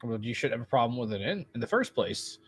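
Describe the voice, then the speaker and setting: A man's voice: mid-range voice, very animated, fast, slightly rough. A man from the American South co-hosting a casual podcast, blunt and profane in a back-and-forth chat. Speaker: podcast co-host.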